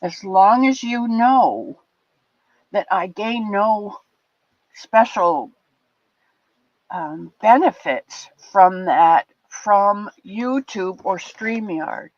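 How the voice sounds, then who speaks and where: An older woman hosting a livestream, chatting warmly and rambling with her viewers in a casual, affectionate way. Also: mid-range voice, animated, drawn-out words, dry recording. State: a bit teary. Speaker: livestream host. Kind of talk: casual chat with live chat viewers. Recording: dull lo-fi dry sound.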